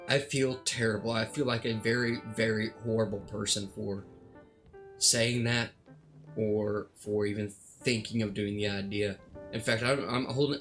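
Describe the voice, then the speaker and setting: A man's voice: on the low side, steady tone, a little slow, fairly bright tone, faint music behind. Exasperated man ranting at his rig. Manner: exasperated, dramatic complaining with many restarts. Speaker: streamer. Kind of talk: casual ranting vlog.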